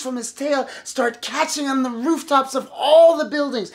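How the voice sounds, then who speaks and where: Male storyteller, animated, improvised, restarts, bursts of shouting. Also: very high-pitched, normal speed, hardly any pauses. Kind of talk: oral storytelling of an epic.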